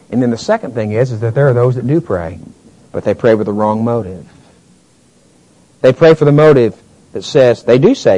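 A male pastor preaching a sermon, climbing to near-shouts and then falling to a low, slow delivery. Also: lively intonation, no room sound, rough recording.

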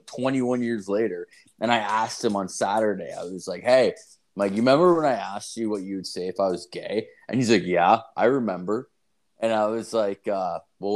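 Profane rambling man telling stories. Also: fairly low pitch. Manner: profane, rambling, animated storytelling with heavy filler. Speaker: storyteller. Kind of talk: casual chat.

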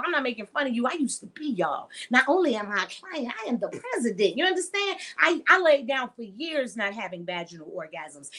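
Blunt, profane woman with a bright, high voice. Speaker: podcast host and sex educator. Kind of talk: unscripted monologue podcast.

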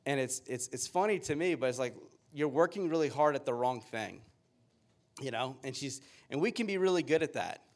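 A man's voice: medium pitch, animated, moderate pace. A man in his thirties, a pastor giving a sermon with upbeat, joking storytelling.

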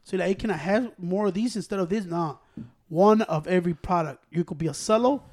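A young man telling a story in casual chat with friends, profane and animated, breaking into laughs. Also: high voice, a little fast. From Hispanic American.

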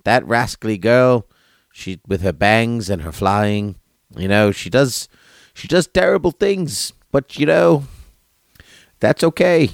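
A silly put-on English voice, rambling and playful, as a man improvises it. The pitch swings widely. The sound is dry and close. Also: expressive, slow pace, vocal fry, dry recording. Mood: goofy.

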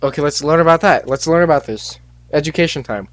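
This podcast host, a teenage boy, speaks fast in a fairly high voice with no echo on the recording. Chatting casually, he reads on-this-day facts, trips over names, and adds jokey side comments.

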